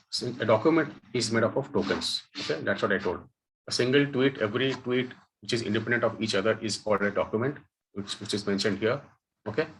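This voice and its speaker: A man's voice: medium pitch, a bit bright, poor audio. A man teaching a webinar, explaining terms step by step and often checking in with "okay" and "guys". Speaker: data science instructor. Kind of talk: webinar lecture.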